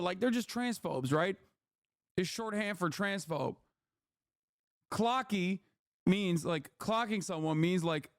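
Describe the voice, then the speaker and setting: A man delivering a heated, profane political commentary rant, often breaking into shouting. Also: high-pitched, no room sound, studio quality. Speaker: streamer being watched.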